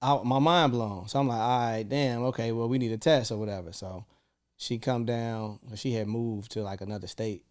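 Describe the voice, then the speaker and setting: A young man, co-hosting a podcast and telling a story in casual, swearing chat, acting out voices with big jumps in pitch. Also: moderate pace. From Chicago. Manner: animated, swearing, acts out quoted lines with big jumps in pitch. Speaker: podcast co-host.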